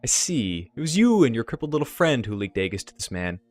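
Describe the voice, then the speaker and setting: A man voicing a cold, wealthy corporate father who speaks formally and in measured tones. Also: medium pitch, sing-song, darkish tone, no room sound. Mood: icy.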